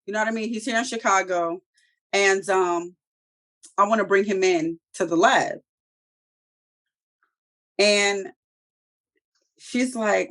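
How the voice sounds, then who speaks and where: Speaking slowly with long pauses, a woman with a medium-pitched, fairly bright voice gives a casual TV episode recap. As a TV show reviewer, she swears a lot, uses slang, and acts out quotes from the characters.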